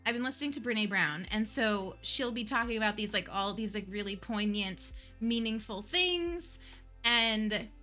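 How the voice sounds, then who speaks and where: Bright-voiced woman streamer, gushing. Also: a little high. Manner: gushing, chatty, laughs often. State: emotional, near tears. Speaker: livestream host. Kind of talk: casual chat with viewers.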